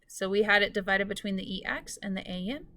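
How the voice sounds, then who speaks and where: A woman teacher giving a recorded phonics lesson, speaking slowly and clearly and stretching out words for students. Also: medium pitch, sharp tone.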